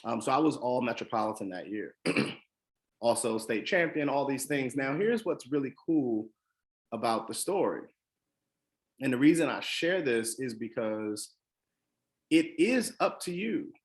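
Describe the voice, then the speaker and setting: A man's voice: mid-range voice, expressive, a little slow, long pauses. A man from the Washington DC area telling a personal motivational story, earnest and emphatic, with frequent ums and restarts. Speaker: motivational speaker.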